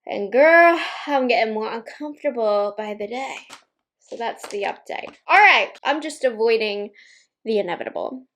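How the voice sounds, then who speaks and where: A young pregnant woman talks through a makeup review at home, candid and opinionated, slightly out of breath. Her voice sits a little high for a woman. She keeps a loose, chatty vlog tone. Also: animated, normal speed, fairly bright tone. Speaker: beauty vlogger. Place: home room at a makeup table.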